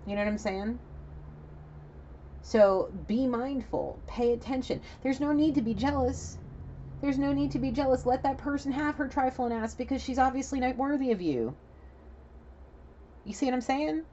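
A woman's voice: high voice, moderate pace, long pauses, dark tone, muffled recording, slight background noise. A woman giving a spiritual reading to camera in an emphatic, profane, chatty manner. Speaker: psychic reader.

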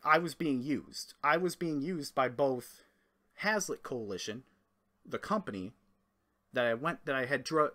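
A young man telling a rambling, profane story in a casual monologue, acting out quoted lines as he goes. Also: medium pitch. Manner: rambling, profane, animated retelling with quoted voices. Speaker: storyteller vlogger.

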